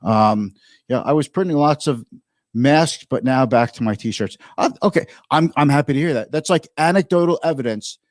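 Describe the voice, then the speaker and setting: A man in his fifties hosting a casual livestream, reading viewer comments aloud and chatting about the stock market, with halting restarts. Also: medium pitch, no echo, studio quality. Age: 50s.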